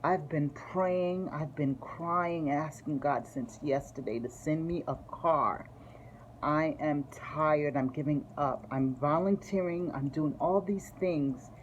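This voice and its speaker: A woman voicing a distressed young woman on the phone, speaking high and drawn out with emphasis. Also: takes it slowly, dull audio, slight background noise. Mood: distraught.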